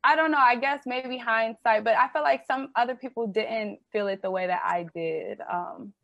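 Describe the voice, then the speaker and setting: A woman's voice: a little high, moderate pace, creaky, a bit bright, dry recording, muffled recording. Hesitant woman guest, dry sound. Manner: hesitant, with many fillers. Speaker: podcast guest. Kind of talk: candid conversation.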